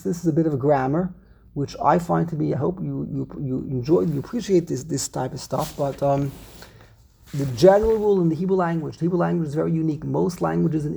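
Male Torah teacher, dark gravelly voice, repeats himself as he explains grammar. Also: on the high side. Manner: repeats and restarts phrases, slows down to stress words. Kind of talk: text study lesson explaining grammar.

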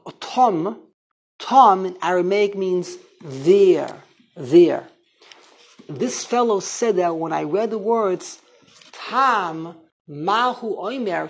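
Husky-voiced rabbi, rambling animated storyteller, Torah class. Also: male voice, high voice, low-quality recording. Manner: rambling, animated storytelling with Hebrew and Yiddish terms.

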